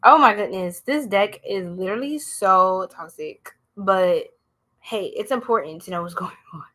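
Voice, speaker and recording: Woman tarot reader, live stream, casual and blunt, greets chat, middle pitch. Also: moderate pace, pushed and bright. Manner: chatty, greets viewers, slangy and blunt.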